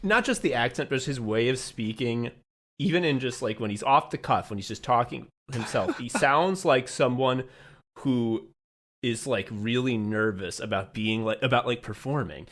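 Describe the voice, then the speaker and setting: Dude on a podcast joking around, laughs mid-sentence, average pitch. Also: male voice, expressive, moderate pace, a bit bright. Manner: jokey, laughs through his lines. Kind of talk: casual podcast chat.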